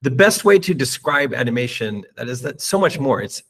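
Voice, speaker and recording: Male speaker, mid-pitched voice, courteous and measured, presenting on animation at an online event. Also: very animated, creaky, a bit bright, slight background noise. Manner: polite, measured, with fillers. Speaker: motion designer and speaker. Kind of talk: conference talk.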